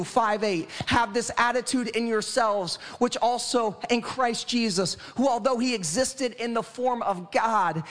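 A man's voice: sits high, fairly bright tone. A male pastor preaching a sermon in a church, building rhythmic lists and asking the congregation questions.

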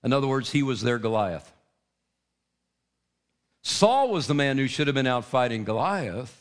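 A male preacher giving an impassioned sermon to men, swinging from soft asides to loud, rising declarations. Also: mid-range voice.

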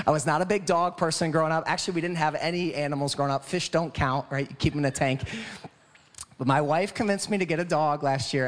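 A male pastor preaching a sermon in a church, building rhythmic lists and asking the congregation questions. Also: on the high side.

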